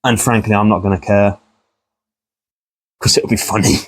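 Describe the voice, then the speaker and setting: Guy rambling and swearing, kinda low voice, laughs at his own story. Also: fairly even intonation, moderate pace, breathy edge. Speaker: commentator. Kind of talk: casual commentary vlog.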